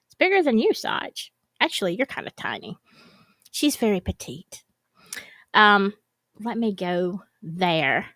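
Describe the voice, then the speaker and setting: A woman's voice: mid-range voice, very animated, a little slow, long pauses, a bit bright, dry recording. A woman, hosting a casual, rambling chat and laughing often. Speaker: host. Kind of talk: casual chat to a live audience.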